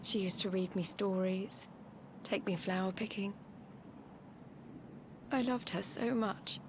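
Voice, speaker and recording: An actress playing a gentle young noblewoman who speaks softly and earnestly. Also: medium pitch, steady tone, slow, noisy background. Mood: wistful. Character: young noblewoman, the hero's gentle foster sister. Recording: game audio over clear music.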